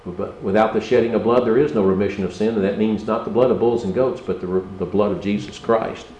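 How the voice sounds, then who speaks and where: A man's voice: lowish voice, fairly even intonation, brisk, mellow, dull audio. A man preaching a sermon, impassioned and full of rhetorical questions to the congregation. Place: church. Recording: roomy church hall, faint ambience.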